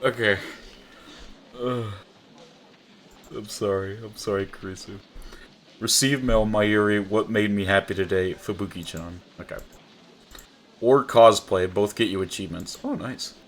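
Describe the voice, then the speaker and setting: A man's voice: on the low side, fairly even intonation, a little slow, pauses often, slight background noise. A young man at his home streaming setup, talking into a desk mic and reading game messages aloud during live commentary. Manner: reads game text aloud, chuckling often. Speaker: streamer playing a visual novel. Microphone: desk microphone.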